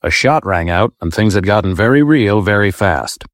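A man giving a deadpan comic narration with a dry, wry delivery and mock-formal wording. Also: fairly low pitch, moderate pace, no echo.

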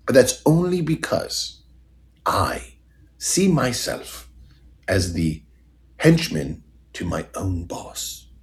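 A man's voice: low voice, sing-song, heavily acted. A man improvising a dim, earnest masked henchman who takes his acting far too seriously. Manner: self-serious, rambling, halting. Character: dim, earnest male henchman actor in a mask. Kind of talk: improvised comedy interview.

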